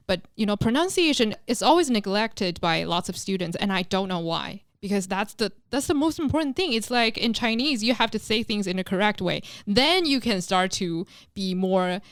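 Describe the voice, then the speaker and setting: A woman, an English teacher, talking in a casual podcast chat in a recording studio, lively and emphatic. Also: medium pitch, clean tone, no room sound.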